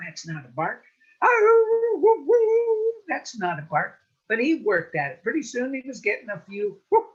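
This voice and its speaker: Brief: woman storyteller, lively swooping delivery, slightly husky, video-call lo-fi sound. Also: mid-range voice. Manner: animated, rhythmic repetition. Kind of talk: oral storytelling.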